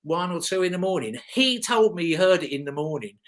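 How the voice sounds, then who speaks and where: A man's voice: sits high, expressive, brisk, fairly bright tone. A middle-aged man, a former motocross racer telling rambling, chatty stories as an interview guest. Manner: rambling, chatty, with restarts and chuckles. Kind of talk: casual anecdotal storytelling.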